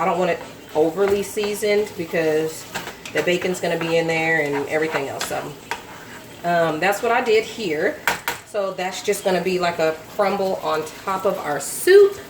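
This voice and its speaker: A young woman chats her way through a cooking vlog, a little low in pitch. She stands off from the mic in an echoey kitchen. A pan sizzles clearly behind her. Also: far from the mic, noisy background. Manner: chatty, narrates while cooking, addresses viewers as y'all. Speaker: cooking vlogger. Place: home kitchen.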